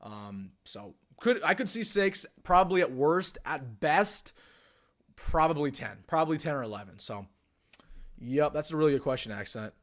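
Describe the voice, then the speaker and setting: A man's voice: on the high side, animated, normal speed, a bit bright. A young man hosting a casual sports live stream, thinking aloud with frequent restarts and ums. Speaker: sports livestream host.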